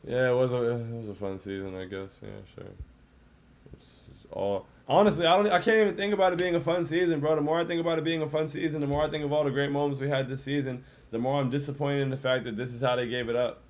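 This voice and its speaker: A man's voice: fairly high pitch, fast. A man hosting a casual postgame livestream, sounding dejected, saying "bro" a lot and reading chat comments aloud. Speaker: livestream host.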